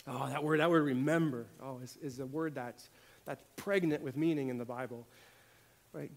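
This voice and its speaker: A man preaching a sermon, swinging between hushed, quiet lines and loud, emphatic ones, often repeating words for emphasis. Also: medium pitch, moderate pace, gravelly.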